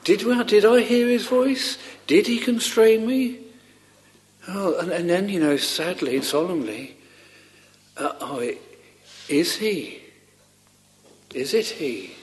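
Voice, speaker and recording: Man preaching, fairly high voice, slow and halting, repeats words, fervent pleading questions. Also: animated. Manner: halting and earnest, with frequent repeated words and restarts. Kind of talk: sermon.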